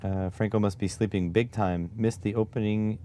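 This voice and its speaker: Low-voiced guy from canada rambling on his stream, slow and mellow, keys typing in the back. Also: steady tone, slight background noise. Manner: muttering to himself while typing commands. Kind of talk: casual live-stream chat. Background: keyboard typing.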